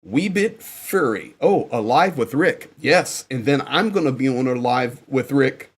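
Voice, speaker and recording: Indoors in Ukraine, a livestream host with a slightly rough, mid-range voice keeps things casual and upbeat. He speaks a little slowly with lively intonation, greeting viewers one at a time by name.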